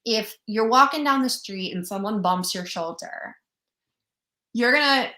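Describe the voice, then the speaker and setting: Woman, podcast guest, lively storyteller, slightly high voice, roomy echo. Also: measured pace. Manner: animated storytelling, mimics voices. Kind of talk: casual podcast chat.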